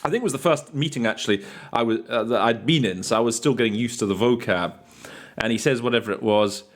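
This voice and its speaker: A man talks students through interpreting choices in a loose, chatty way, often restarting and filling pauses with "uh". His voice sits at an everyday middle pitch. He drifts into short anecdotes as he goes. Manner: thinks aloud with frequent restarts and fillers. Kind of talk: casual teaching talk.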